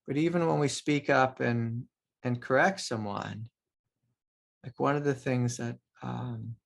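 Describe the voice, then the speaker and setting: A man speaking as a spiritual teacher, his voice a little gravelly and sitting at an ordinary pitch. He talks in a loose, reflective way, filling pauses with "like" and soft laughs. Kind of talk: casual spiritual talk.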